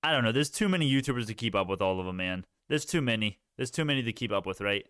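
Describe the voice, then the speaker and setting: Young man, stock streamer, rambling chat, smooth voice, dry close mic. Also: mid-range voice, expressive, quick pace, fairly bright tone, no echo. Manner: rambling, talks to chat, restarts often. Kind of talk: casual livestream chat.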